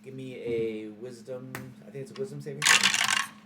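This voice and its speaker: A man's voice: mid-range voice, fairly even intonation, normal speed, very noisy. A man playing a tabletop game, brash and joking, trash-talking the enemies. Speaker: player.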